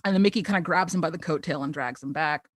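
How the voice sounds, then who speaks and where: A woman's voice: low-pitched, fast talker, no echo. Giggly woman podcast host. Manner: giggly, animated storyteller. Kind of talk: casual chat recapping a cartoon.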